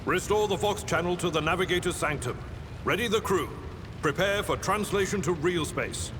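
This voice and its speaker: A man's voice: high-pitched, moderate pace, close to an everyday voice. Male actor as a formal, commanding game officer, far off, echoing, noisy. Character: stern, superstitious senior man commanding a ship's bridge. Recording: distant, reverberant with noise.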